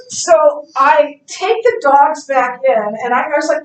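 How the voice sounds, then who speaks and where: A middle-aged woman teaching a Bible class in a casual, animated way, telling stories and laughing easily. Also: high-pitched, slow, slight background noise. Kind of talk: casual classroom lecture with anecdotes. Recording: echoey classroom, distant mic.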